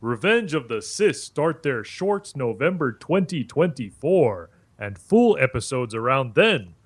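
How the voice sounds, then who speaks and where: A man's voice: mid-range voice, measured pace, husky. A text-to-speech male voice playing a cocky, stubborn AI chatbot. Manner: argumentative, corrects others flatly. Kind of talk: voice assistant banter.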